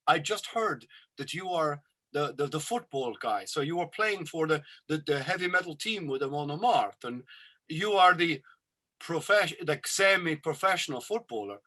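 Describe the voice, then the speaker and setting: A man voicing a Swedish driver who speaks slow, halting, broken English with a Swedish accent. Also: a little high, lively intonation, pushed and bright. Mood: insistent.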